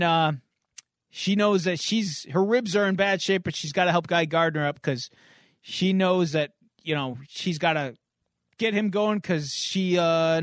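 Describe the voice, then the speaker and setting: High-voiced man retelling a comic. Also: no echo, studio quality. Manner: animated storyteller, chuckling between beats. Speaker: podcast co-host. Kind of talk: casual retelling of a comic book.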